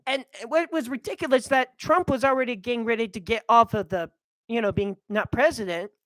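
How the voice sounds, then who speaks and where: A young adult woman vlogging in a heated, animated rant. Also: a little high, a little fast, no echo, low-quality recording. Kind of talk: ranting monologue.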